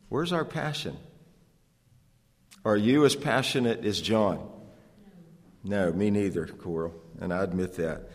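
A man's voice: medium pitch, moderate pace. Earnest male preacher in a reverberant hall. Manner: rhetorical questions to the congregation, earnest. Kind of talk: expository sermon.

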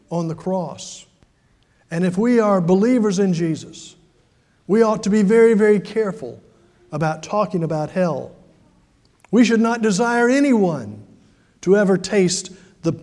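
A man preaching a sermon, telling stories in a conversational way, with sudden swings between loud and quiet. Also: high voice, long reverb tail. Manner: storytelling, conversational with dramatic swings in volume. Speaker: pastor.

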